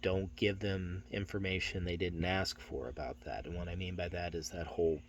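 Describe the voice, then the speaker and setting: A middle-aged man training insurance telesales agents, talking through a phone script in a steady, matter-of-fact way and acting out the salesman's lines. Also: sits low, moderate pace, a little hiss or hum.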